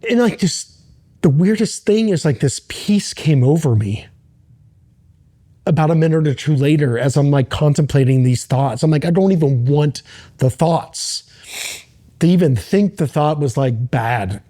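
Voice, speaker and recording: Middle-aged male podcast guest, warm and fairly high-pitched, earnest, halting delivery. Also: expressive. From United States. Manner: earnest, halting, many restarts and fillers. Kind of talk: candid personal storytelling.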